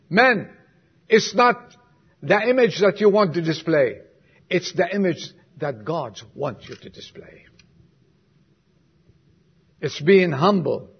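A man preaching a sermon to his congregation, swinging from emphatic lines to soft, quiet asides and putting questions to the listeners. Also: high voice, creaky, husky, lo-fi sound. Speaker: pastor.

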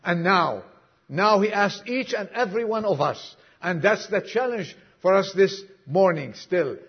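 High-voiced husky male preacher. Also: lively intonation, a little slow, muffled recording. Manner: emphatic preaching with acted-out dialogue and sudden soft drops. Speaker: pastor. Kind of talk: sermon. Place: church congregation.

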